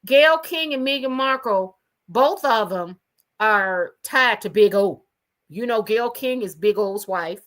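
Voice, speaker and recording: Bright-voiced woman hosting a gossip chat. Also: a little high, expressive, unhurried. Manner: chatty and gossipy, talks straight to viewers. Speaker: livestream host. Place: her own room at home.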